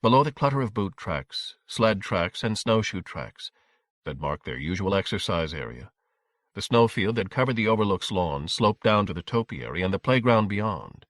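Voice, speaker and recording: Low guy reading an audiobook, dry sound, steady. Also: normal speed, no echo. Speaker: narrator. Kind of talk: audiobook narration.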